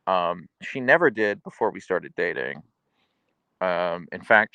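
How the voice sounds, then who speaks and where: A man's voice: low-pitched, lively intonation, unhurried, bright, forceful tone, smooth, no room sound. A man hosting a casual live stream, chatting easily as he answers viewers' questions. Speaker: livestream host reading chat.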